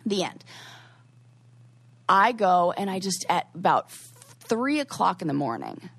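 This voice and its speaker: A woman's voice: on the low side, big pitch swings, measured pace, creaky, a bit bright, breathy edge, no room sound. A woman co-hosting a podcast, telling a story in a rambling, casual way full of "like.". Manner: rambling, heavy use of "like". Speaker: podcast co-host.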